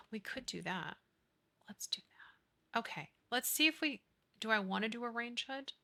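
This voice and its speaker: A woman streamer chatting casually while she plays, gushing and excitable, with gasps and baby talk. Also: fairly high pitch, moderate pace, gravelly. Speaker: game streamer. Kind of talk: casual live-stream chat while playing.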